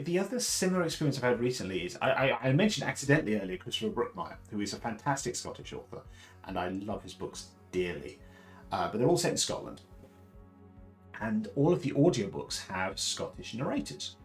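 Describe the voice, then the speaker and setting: A man from the south of England with a deep baritone voice, chatting casually and rambling with many fillers and restarts. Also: very animated, brisk, faint music behind, poor audio. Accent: Southern English. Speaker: host. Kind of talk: casual live chat.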